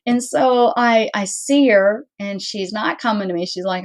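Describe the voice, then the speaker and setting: A woman hosting her own channel, her mid-range voice a little slow, relays a story casually to viewers. She animates every quoted line and rambles, often breaking off to begin her sentences anew.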